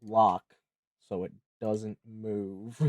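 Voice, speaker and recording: A man streaming live, talking casually and excitably, swearing freely and laughing often. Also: fairly low pitch, extremely slow, dry recording.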